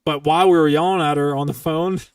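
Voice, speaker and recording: A young man telling military stories in casual, profane style, bluntly and with lively quoted dialogue. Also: on the high side, quick pace, recorded from a distance. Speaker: streamer recounting military stories.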